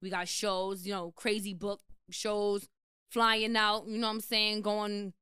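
Bright, smooth young woman in a casual interview. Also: medium pitch, measured pace, no echo, clean studio sound. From West Indian. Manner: casual slangy, animated storytelling. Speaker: musician guest.

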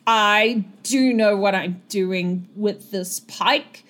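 A woman's voice: medium pitch, extremely slow, fairly bright tone. A woman voicing a nervous young male town guard who blusters defensively while clutching a pike he cannot use.

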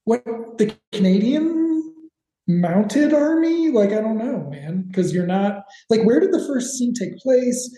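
A man's voice: high-pitched, lively intonation, takes it slowly, dark tone, echoey room, low-quality recording. A man co-hosting a podcast, recapping a TV episode in rambling casual chat with sarcastic asides. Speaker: podcast co-host.

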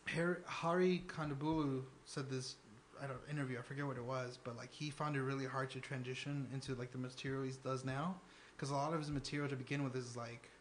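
A man's voice: medium pitch, fairly even intonation, quick pace, slight background noise. A young man from Texas, a stand-up comedian, talking loosely in a casual interview with lots of fillers and laughs. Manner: loose and chatty, filler-heavy, laughs between lines.

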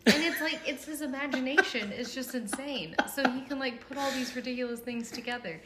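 A woman's voice: high-pitched, brisk, heavy background noise. A woman co-hosting a casual podcast, chatting and laughing as she tells stories about her daughter, with lots of filler words. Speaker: podcast co-host, mother. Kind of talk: casual chat, storytelling.

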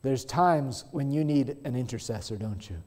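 A man preaching a sermon, telling stories and slowing down to press his points. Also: mid-range voice, expressive, a little mellow. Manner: storytelling, slows down for emphasis.

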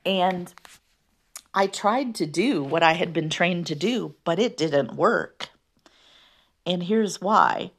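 A woman giving an earnest personal testimony, halting at times with restarts and fillers. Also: on the low side, animated. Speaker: guest sharing her story.

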